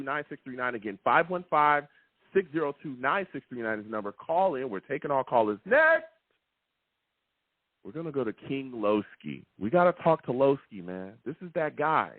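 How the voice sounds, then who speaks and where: Lively man hosting a call-in show. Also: medium pitch, fairly quick, dry recording. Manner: animated, slangy, hypes callers. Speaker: podcast host taking calls. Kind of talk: casual call-in sports talk. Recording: phone-like line, faint noise.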